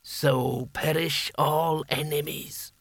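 A man voicing an ancient, menacing male sorcerer possessed by a hat, speaking slowly and commandingly. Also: on the high side, steady tone, creaky, fairly bright tone, breathy edge, no echo, full character voice. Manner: slow, measured, commanding.

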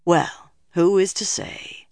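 A woman's voice: sits low, moderate pace, dry recording. A narrator voicing a stern, commanding older woman leader with a hard, dry manner, in a dry studio audiobook reading. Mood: musing.

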